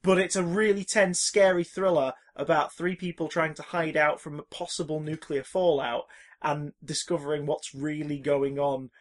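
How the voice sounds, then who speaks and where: A man co-hosting a casual film podcast, animated and profane, acting out reactions with loud exclamations. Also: fairly high pitch, normal speed. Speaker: podcast co-host.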